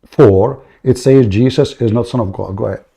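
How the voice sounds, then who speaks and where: A man's voice: medium pitch, moderate pace, creaky, warm tone, breathy edge. Mocking, interrupting male debate host. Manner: mocking, interrupting, repeats words. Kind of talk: heated live debate.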